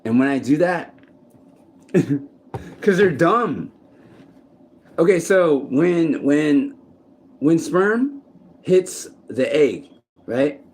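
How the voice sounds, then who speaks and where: A man's voice: fairly high pitch, animated, very slow, long pauses, darkish tone, slight background noise. A man talking casually to the camera in a rambling, profane monologue full of restarts, recorded outdoors in a city park. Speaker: vlogger.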